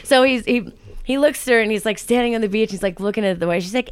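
A woman musician guesting on a podcast, telling animated stories in casual chat, laughing often and swearing freely. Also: fairly high pitch, fast, smooth, no echo.

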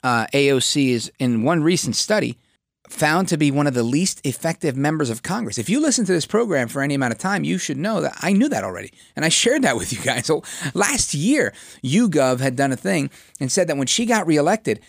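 A man's voice: on the high side, very animated, brisk, creaky, no room sound, studio quality. A man hosting a political talk program, delivering a sarcastic, mocking commentary monologue. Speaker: radio show host.

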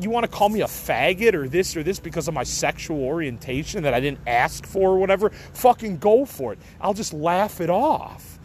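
A man's voice: fairly high pitch, slight background noise, rough recording. A middle-aged man from the Chicago area hosting a podcast, talking in a casual, rambling, profane way and laughing things off. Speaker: podcast host.

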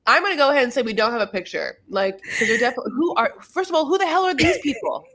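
A woman's voice: high-pitched, sing-song, racing, a bit bright. A woman co-hosting a podcast, chatting casually about a reality show, hesitant and trailing off with fillers. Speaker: podcast co-host.

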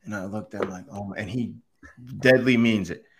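A quarterback coach and ex-TV analyst talks at a normal speed as a podcast guest in casual conversation. His storytelling is animated, and he acts out quoted voices with big leaps in pitch.

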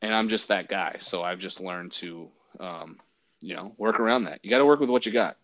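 A man's voice: deep voice, normal speed. A man who works as a baseball umpire, casually telling a story with lots of restarts and acted-out quotes. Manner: animated, acts out quotes, many restarts. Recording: dull lo-fi audio.

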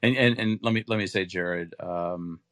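A man's voice: low voice, normal speed, a bit bright, no room sound, studio quality. A man hosting a casual podcast chat, emphatic and repeating words when making a point. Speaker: podcast host.

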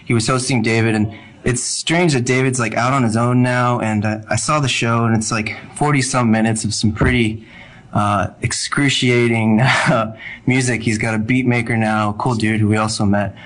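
A man's voice: mid-range voice, fairly even intonation, moderate pace, a bit bright, low-quality recording. A man from Ohio calling in to a podcast, speaking politely and hesitantly with many ums. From Cleveland, Ohio. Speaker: caller. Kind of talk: casual phone-in chat.

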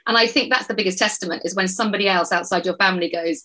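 A woman's voice: mid-range voice, racing, sharp tone, poor audio. A middle-aged woman on a podcast panel, telling a family story in casual chat and acting out what everyone said.

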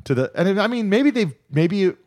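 A man hosting a radio show, chatting casually in a rambling, halting way full of fillers. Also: high-pitched, big pitch swings, a little mellow. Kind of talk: casual chat.

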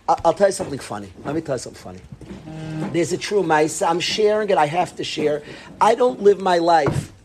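Animated young man telling a story. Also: high voice, a little hiss or hum. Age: 20s. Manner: animated, acts out whispers and quotes. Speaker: yeshiva educator. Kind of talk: storytelling talk to students.

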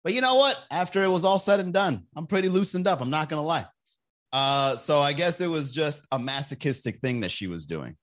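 A man with a brisk, sing-song voice on the high side and a somewhat bright tone hosts a podcast, rambling through a crude story in a casual monologue. He laughs often and acts out other people's lines.

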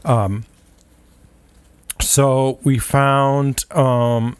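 A man co-hosting a food podcast in a small studio, chatting in a relaxed, rambling way with many fillers. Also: mid-range voice, drawn-out words, clean tone, dry recording. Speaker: podcast co-host. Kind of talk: casual chat.

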